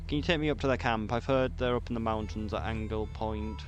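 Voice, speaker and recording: A man's voice: fairly low pitch, a little fast, music in the background, natural voice. A man reading aloud the lines of an eager young orphan boy in a game, stumbling over fillers. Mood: excited. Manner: reads the quest text aloud, fumbling with fillers.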